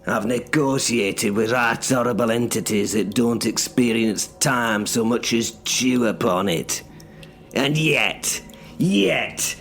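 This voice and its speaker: A man's voice: medium pitch, close to an everyday voice. A man narrating in first person as a bitter cursed sorcerer stuck in menial work, sardonic and sweary in an audio drama.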